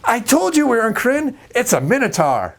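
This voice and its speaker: A man's voice: high voice, big pitch swings, moderate pace, a little mellow, husky, voice pushed up, exaggerated voice. A man voicing a know-it-all male tabletop player who insists in a smug way.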